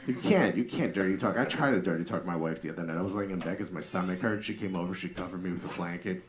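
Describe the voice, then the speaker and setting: A man's voice: sits low, quick pace. A man doing a stand-up comedy set, crowd work with profane, self-mocking jokes before a laughing club audience. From northeastern United States.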